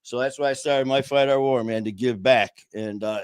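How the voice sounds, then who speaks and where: A man's voice: medium pitch, moderate pace, clean tone, no room sound, clean studio sound. A man hosting a podcast, telling a personal story in an earnest, emotional way and often calling people "man" and "brother". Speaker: podcast host. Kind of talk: casual conversational storytelling.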